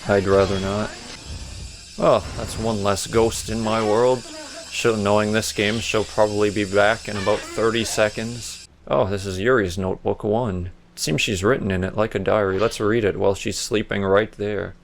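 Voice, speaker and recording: Male let's-play host, deep-ish gravelly voice, dry jokes at the game, light background hiss. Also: fairly even intonation, normal speed. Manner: sarcastic, jokey, talks back to the game. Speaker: gaming video host.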